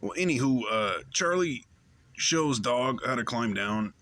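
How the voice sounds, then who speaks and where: Bright-voiced man rambling through a recap. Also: mid-range voice, lively intonation, measured pace. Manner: rambling, loose retelling with fillers. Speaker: show host. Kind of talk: casual episode recap.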